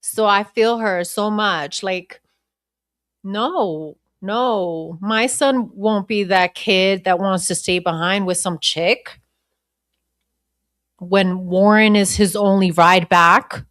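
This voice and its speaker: A woman hosting a podcast offers blunt, profane, indignant live commentary between played clips. Her mid-range voice is slow and a bit bright, recorded in a clean studio with no room sound.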